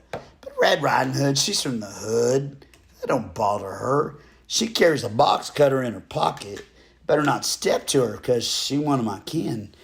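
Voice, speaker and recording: Rambling joking male storyteller. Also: medium pitch. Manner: rambling, digressive, joking asides. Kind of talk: comic folksy storytelling.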